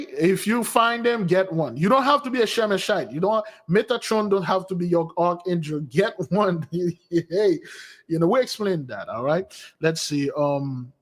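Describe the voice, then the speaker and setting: A man hosting a spiritual channel, telling rambling personal stories in a casual, animated way and answering viewer questions, often restarting sentences and jumping up in pitch to quote women. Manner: jumps to a higher voice when quoting women. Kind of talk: casual storytelling and Q&A stream.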